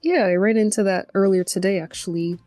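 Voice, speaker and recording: A woman's voice: medium pitch, a little fast, darkish tone, dry recording, soft background music. A woman hosting a podcast, asking curious questions and agreeing easily in casual conversation. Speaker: podcast host. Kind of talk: casual interview chat.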